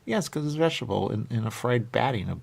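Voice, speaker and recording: A man's voice: mid-range voice, lively intonation, fast talker, vocal fry, a little mellow. A man hosting a talk show, rambling playfully with sing-song repetitions and riffs. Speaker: radio show host.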